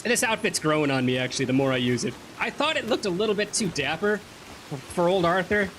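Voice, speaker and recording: A man's voice: high voice, expressive, quick pace, fairly bright tone, slight background noise. A man casually commenting on his playthrough of a game, chatty and joking. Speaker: let's play gamer.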